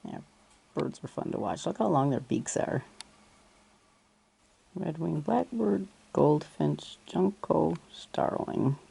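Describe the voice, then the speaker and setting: A woman from Northern Michigan with a rough morning voice, chatting casually outdoors and pointing things out to the viewer as she films on a phone. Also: low voice, lively intonation, takes it slowly, pauses often, mellow. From Northern Michigan, USA. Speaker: vlogger. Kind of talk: casual handheld vlog narration. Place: outdoors in a yard, wind and trees.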